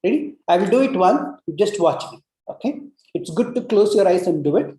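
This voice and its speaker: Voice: mid-range voice, animated, a little fast, dark tone. A breathwork instructor, leading a guided breathing lesson, coaxing the group with repeated cues and many "you know" fillers, and demonstrating long humming sounds. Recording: roomy echo.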